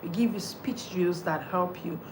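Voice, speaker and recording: A woman's voice: on the low side, a little slow, background noise. A woman, coaching listeners on how they speak, emphatic and repetitive as she drives each point home. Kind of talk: motivational coaching talk.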